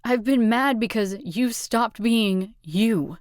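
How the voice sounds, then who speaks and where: A woman voicing a hurt teenage girl, speaking slowly in a wounded way. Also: on the high side, darkish tone, no room sound, clean studio sound, pitched above the performer's own voice. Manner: slow, wounded delivery. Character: hurt teenage girl, best friend, tearful.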